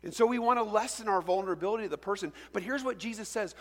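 A man's voice: high-pitched, very fast, hardly any pauses, in a large hall. A man pastor preaching a sermon, telling the story with energy and asking many rhetorical questions.

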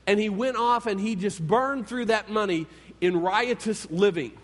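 A man preaching a sermon, retelling scripture stories in an animated storytelling manner. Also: high-pitched, moderate pace. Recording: long hall reverb.

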